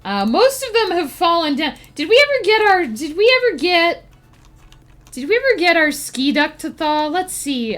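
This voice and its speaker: A woman streamer and writer chats casually with her live chat, reacting to messages and laughing often. Her voice is high-pitched and a bit bright.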